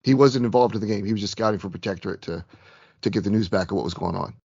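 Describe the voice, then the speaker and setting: Chatty, low-voiced podcast host. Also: male voice, quick pace, gravelly, a little mellow, slightly rough, dry recording, dull audio. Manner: chatty, self-deprecating, rambling. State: slightly hoarse from illness. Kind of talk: casual chat about tabletop gaming.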